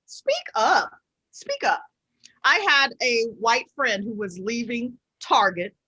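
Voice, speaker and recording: A middle-aged woman, an author guest on a podcast, telling stories in a lively, emphatic way and repeating words for emphasis. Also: a little high, slow pace, husky, no room sound, highs cut off. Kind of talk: casual interview storytelling.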